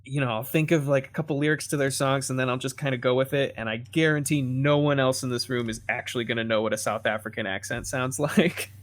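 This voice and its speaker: A man guesting on a podcast, mid-range in pitch with a bright edge. He talks loosely, rambling through an anecdote with fillers and little laughs. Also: fairly even intonation, quick pace, hardly any pauses. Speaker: podcast guest, comedy writer. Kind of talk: casual storytelling.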